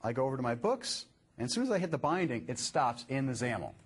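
A man presenting a live software demo, upbeat and explaining step by step as he clicks through his code. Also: medium pitch, very animated, quick pace, breathy edge.

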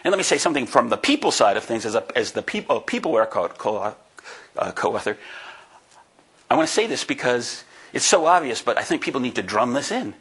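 Husky older guy in his sixties, folksy and emphatic, giving a talk to an audience. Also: medium pitch, sing-song, a little fast, fairly bright tone. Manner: emphatic and folksy, with frequent "right?" asides. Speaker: conference speaker and book co-author. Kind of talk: lively presentation to an audience. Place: talk before a live audience.

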